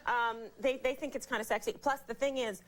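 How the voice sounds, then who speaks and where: A woman's voice: a little high, fairly even intonation, a little fast. A woman comedian in her thirties, a guest on a late-night talk show, telling stories and laughing often. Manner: chatty storyteller, laughs a lot, does voices of others. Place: TV studio with live audience. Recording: studio audience and noise behind.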